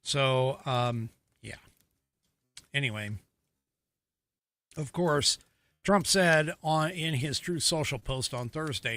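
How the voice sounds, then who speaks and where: Brief: middle-aged man, casual commentary host, self-correcting, bright and animated, dry sound. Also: mid-range voice, slow pace, long pauses, dry recording. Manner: conversational, with frequent fillers and self-corrections. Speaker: podcast host.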